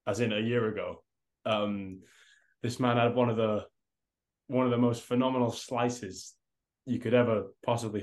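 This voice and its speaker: Rambling man on a podcast. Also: mid-range voice. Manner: rambling, swears casually, says mate a lot. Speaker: podcast co-host. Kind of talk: casual chat. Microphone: video call.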